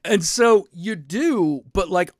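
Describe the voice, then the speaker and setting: A high-voiced man speaks slowly while hosting a stream show, casually retelling a video game with lots of swearing. His storytelling is animated, full of frequent cursing and restarts, and the studio sound is clean with no echo.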